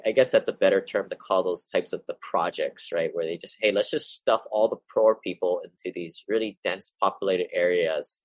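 A man's voice: low voice, no echo, rough recording. A man hosting a casual explainer, reading articles aloud and adding chatty asides to listeners. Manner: conversational, addresses listeners as you guys, with asides. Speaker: real estate investing newsletter host.

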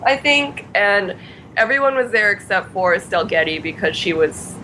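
A woman's voice: mid-range voice, expressive, moderate pace, bright, forceful tone, a little hiss or hum, low-quality recording. A young woman in casual chat, bubbly, giggly and emphatic as she tells a fan story.

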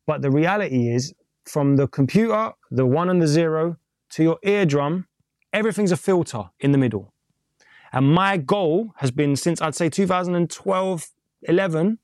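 A man's voice: a little high, darkish tone, dry recording, clean studio sound. A man from England with a London accent, chatting candidly and rambling in a casual interview as a music engineer, swearing casually as he talks. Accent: London English. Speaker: music producer and mix engineer.

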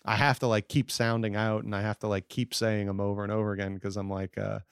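A man's voice: fairly low pitch, level tone, fast talker, creaky, smooth, no room sound, studio quality. A man talking casually as a podcast guest, rambling with many fillers and restarts. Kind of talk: casual chat.

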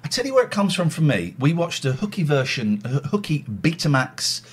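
Animated, husky-voiced man in his forties. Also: fairly high pitch. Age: 40s. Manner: animated, jokey, quick to break into silly voices. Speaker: podcast host. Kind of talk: casual chat.

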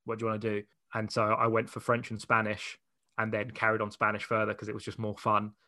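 A young man, chatting as an interview guest, talking in a loose, animated way full of "like"s and restarts. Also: fairly low pitch, fairly quick, no echo, clean studio sound. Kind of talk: casual conversational interview.

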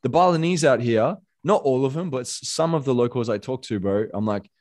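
A man's voice: mid-range voice, lively intonation, a little fast, hardly any pauses. A man talking in a casual podcast chat, impassioned and rambling, peppering his speech with "bro" and "man". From Australia. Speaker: podcast guest.

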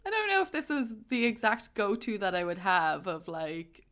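A woman's voice: medium pitch, big pitch swings, moderate pace, a bit bright. A woman co-hosting a casual podcast, talking about a film in a chatty way and laughing often. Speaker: podcast co-host.

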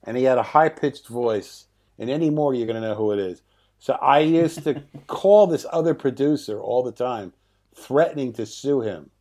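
Middle-aged male director guest, animated raconteur, mid pitch. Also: moderate pace. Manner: lively raconteur, acts out quotes, laughs often. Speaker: film writer-director guest. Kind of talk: anecdotal interview storytelling.

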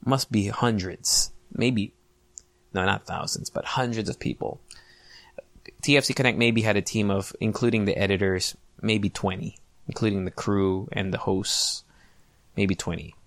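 A man's voice: on the low side, steady tone, unhurried, a bit bright, dry recording. A man in his late twenties hosting a solo podcast, talking casually with swearing and self-mocking humor. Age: 20s. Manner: casual, profane, self-mocking, laughs often. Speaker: podcast host.

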